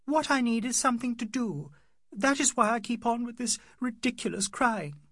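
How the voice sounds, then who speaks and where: A man's voice: very high voice, moderate pace, a bit bright, no room sound, studio quality, voice pushed up, full character voice. A man voicing a distressed, tearful young Englishwoman in an audiobook, with a weepy, self-reproaching manner. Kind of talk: audiobook character voice.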